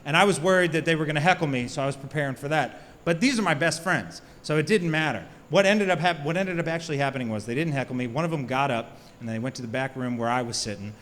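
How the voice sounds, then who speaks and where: A man's voice: a little high, quick pace, few pauses. A man in his thirties doing a stand-up comedy set, crude and self-mocking, bantering with the audience. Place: comedy club stage. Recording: live club with reverb and loud crowd. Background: audience laughter.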